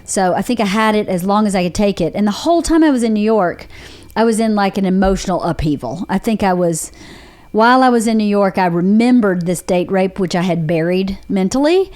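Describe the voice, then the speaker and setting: A woman's voice: mid-range voice, lively intonation, fairly quick, darkish tone. A woman from Georgia with a Southern accent, hosting a podcast and telling her own story in a candid, rambling way, with restarts. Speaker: podcast host. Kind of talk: casual chat.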